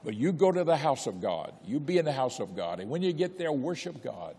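A man's voice: mid-range voice, sing-song, fairly quick, dark tone, big-room sound. An older man preaching a sermon, exhorting with repetition and telling folksy personal stories. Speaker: pastor.

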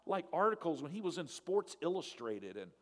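Animated male pastor telling a story. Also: a little high, moderate pace, big-room sound. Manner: animated storyteller acting out dialogue. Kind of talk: sermon storytelling.

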